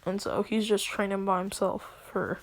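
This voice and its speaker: A woman's voice: mid-range voice, level tone, normal speed, slight background noise. A woman casually retelling a comedic fan story in laid-back slang, laughing along as she goes.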